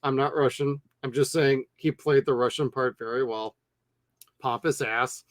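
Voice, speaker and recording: A man co-hosting a movie review show, talking casually and bluntly with lots of swearing and animated retellings. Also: medium pitch, normal speed, dry recording, clean studio sound. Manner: blunt, profane, animated storytelling. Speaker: movie review podcast co-host.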